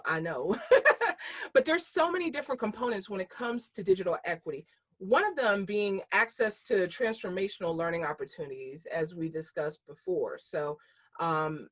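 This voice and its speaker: A woman's voice: mid-range voice, a bit bright. A middle-aged American woman giving a conversational keynote presentation over a webinar, speaking with frequent fillers and restarts.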